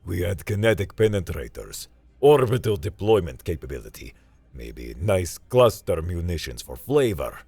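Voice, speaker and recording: A man doing a gruff Russian explosives expert. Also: low-pitched, sing-song, normal speed, mellow, no echo, full character voice. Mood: eager. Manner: enthusiastic, broken English.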